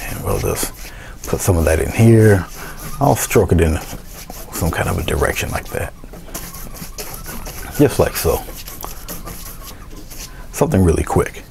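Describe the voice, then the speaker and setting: Low gravelly man teaching painting. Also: measured pace, pauses often. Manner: relaxed, talks to himself while working, thinks aloud. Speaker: painting instructor. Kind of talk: casual painting tutorial.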